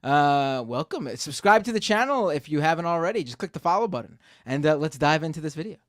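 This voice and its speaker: A man co-hosting a live-streamed political talk show, reacting to clips with quick asides and frequent laughter. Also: a little high, expressive, no room sound, clean studio sound. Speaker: podcast co-host. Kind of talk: casual live-stream commentary.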